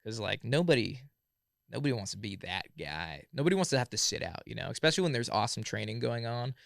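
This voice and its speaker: A man in his thirties from Southern California, telling stories as a podcast guest in a relaxed, rambling way full of "like" and "yeah, yeah, yeah.". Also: medium pitch, fast, gravelly, dry recording, clean studio sound. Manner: laid-back, full of "like" and "yeah, yeah, yeah". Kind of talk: casual storytelling chat.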